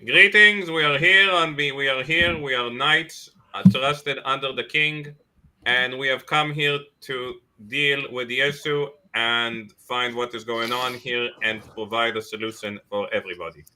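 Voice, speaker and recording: A man playing an earnest knight of the king, who speaks in a formal, halting way. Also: mid-range voice, steady tone, pushed and bright, voice pushed down.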